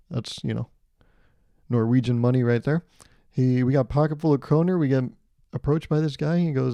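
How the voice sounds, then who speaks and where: A man with a gravelly, mellow voice spins a rambling comic story on his podcast, stacking up details toward a pun. The sound is dry and close. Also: mid-range voice, a little fast, no room sound. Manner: jokey, building a long setup to a pun. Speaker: podcast host. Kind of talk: comedic storytelling monologue. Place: California.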